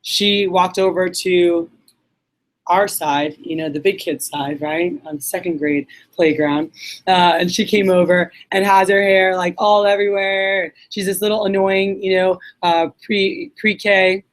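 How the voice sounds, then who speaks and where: A woman's voice: fairly low pitch, a little slow. A woman in her late twenties from Puerto Rico gives a candid, chatty talk at an event. She tells personal stories loosely, with plenty of fillers, and acts out what people said along the way. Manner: candid, animated storytelling with fillers and acted quotes. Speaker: speaker. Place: event hall.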